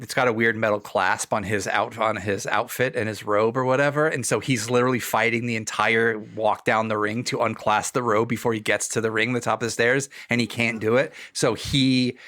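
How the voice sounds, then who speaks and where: A man's voice: medium pitch, fairly bright tone. Wry, rambling male podcast co-host. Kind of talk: casual chat.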